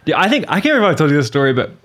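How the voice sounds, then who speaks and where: A man's voice: a little high, big pitch swings, very fast, a bit bright. A man in his thirties co-hosting a casual podcast, joking wryly and telling a story. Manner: wry, joking, conversational. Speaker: podcast co-host. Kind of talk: casual chat.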